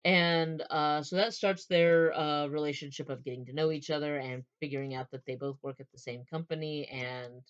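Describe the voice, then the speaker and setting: Low-voiced woman rambling about a book. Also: fairly even intonation, normal speed, few pauses, dull audio. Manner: rambling, many fillers and restarts, retells scenes in quoted voices. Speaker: book reviewer. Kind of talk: casual book talk.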